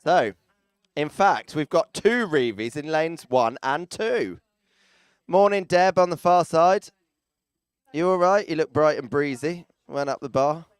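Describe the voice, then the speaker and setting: A man announcing riders at a live event, joking and chatting with the people around him. His voice is fairly high and smooth, and it sounds dry and close on the microphone. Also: expressive, unhurried, dry recording. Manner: chatty, teasing, jokey asides to people around the arena. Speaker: arena announcer.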